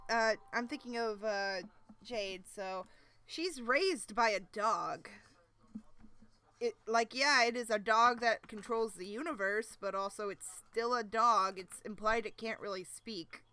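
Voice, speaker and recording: A woman's voice: a little high, takes it slowly, pushed and bright, soft background music. A woman streamer reading a webcomic aloud on a casual live stream, chatting and laughing between passages. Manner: chatty, laughs often, asides to chat.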